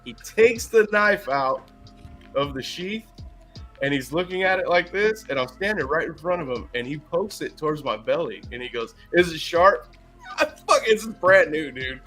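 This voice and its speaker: A man telling a story in casual chat, animated and profane, laughing as he goes. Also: a little high, normal speed, faint music behind. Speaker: podcast co-host.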